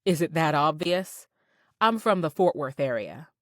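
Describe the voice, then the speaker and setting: A woman voicing a relaxed, friendly Texan man with a light Texas drawl in an audiobook. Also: deep voice, a little slow, no room sound, studio quality. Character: easygoing Texan male contractor, adult. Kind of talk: audiobook character reading.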